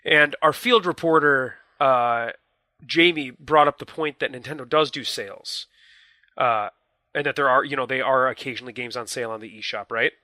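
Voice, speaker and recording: A man's voice: mid-range voice, normal speed, pushed and bright, no echo. A young man co-hosting a casual gaming podcast, explaining his points earnestly with hedges and repeated phrases. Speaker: podcast co-host. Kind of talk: casual chat.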